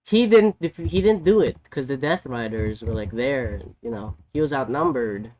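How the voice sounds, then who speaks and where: A man streaming casually, recapping a story in an excitable, rambling way full of "like" and "you know". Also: medium pitch, normal speed, a little hiss or hum. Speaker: vtuber streamer. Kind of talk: casual chat.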